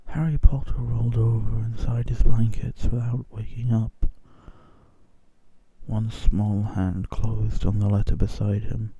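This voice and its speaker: A man giving an ASMR storybook reading, soft and partly whispered. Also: fairly low pitch, little pitch movement, a little slow, breathy edge, no room sound, dull audio. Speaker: reader.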